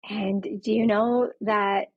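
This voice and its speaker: Slowly and with a flat delivery, a woman with a mid-range voice tells her own story as a patient, speaking frankly and earnestly and acting out the people she quotes. The conversational recording has no room sound and is dull, lo-fi and dry.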